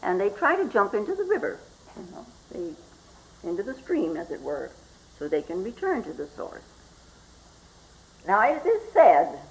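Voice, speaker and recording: An older woman gives a spoken Zen talk in an unhurried, reflective way, often pausing to ask "hmm?" of her listeners. Her pitch sits in a middle range but moves a great deal, rising and dropping through each phrase. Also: rough recording. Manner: slow and reflective, with frequent questioning "hmm?" asides. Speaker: Zen teacher.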